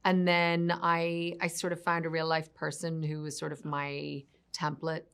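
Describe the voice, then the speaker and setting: A woman's voice: low voice, completely flat delivery, measured pace, fairly bright tone, clear, resonant tone. A woman being interviewed as an actress, speaking casually and hesitantly with self-deprecating humor. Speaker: actress guest.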